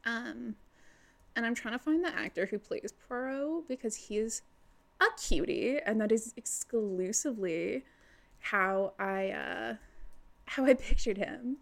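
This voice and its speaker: Young female co-host, slightly high, fried voice, loose and profane book-chat energy. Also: a little slow, gravelly. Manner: animated, swearing, laughs often. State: tipsy. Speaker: podcast co-host.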